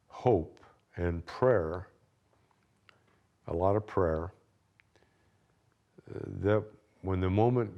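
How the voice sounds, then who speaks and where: A man's voice: low voice, darkish tone, highs cut off. A man in an interview recalling wartime, hesitant and repeating words. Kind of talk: interview recollection.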